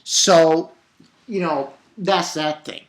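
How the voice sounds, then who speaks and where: Excitable male manga reviewer, casual and profane, prone to loud outbursts. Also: fairly high pitch, very slow.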